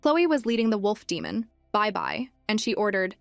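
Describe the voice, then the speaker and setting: A woman reading a scripted story recap as narrator, in a steady storytelling manner. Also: medium pitch, moderate pace, gravelly, dry recording. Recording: dry close mic with faint music.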